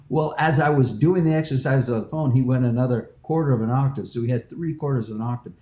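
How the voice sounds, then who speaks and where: Animated storytelling male vocal coach, roomy sound. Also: fast talker. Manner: animated storyteller, jumps up in pitch when quoting people. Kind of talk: live-stream interview storytelling. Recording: roomy echo.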